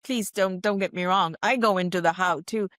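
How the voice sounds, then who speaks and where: A woman speaks as a podcast guest in a low, steady voice, calm and teacherly. She leans on key phrases and slows down for emphasis. The sound is dry and close. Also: no echo. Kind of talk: reflective interview answers.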